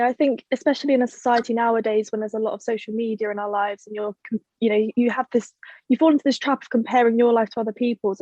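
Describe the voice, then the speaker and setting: Female co-host, fast and mellow, dry muffled radio sound. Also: a little high, no room sound. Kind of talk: radio interview.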